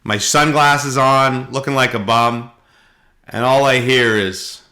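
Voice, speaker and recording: A middle-aged man from Canada, co-hosting a podcast and telling animated anecdotes in casual chat. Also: medium pitch, slow. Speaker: podcast co-host.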